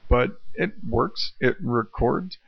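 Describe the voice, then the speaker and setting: Gravelly guy rambling and cussing on his home podcast, dull lo-fi old mic sound. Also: medium pitch, expressive, takes it slowly, no echo. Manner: rambling, profane, self-mocking. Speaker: podcast host. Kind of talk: casual solo podcast rambling. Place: untreated room at home, late at night. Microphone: old dynamic karaoke microphone.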